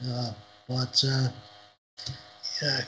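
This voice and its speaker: A man's voice: mid-range voice, monotone, very slow, a bit bright, muffled recording, a little hiss or hum. A middle-aged man from Northern Ireland, an author chatting in an interview over a livestream call, rambling and repeating words as he tells stories. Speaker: author guest. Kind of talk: casual interview chat. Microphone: livestream video call.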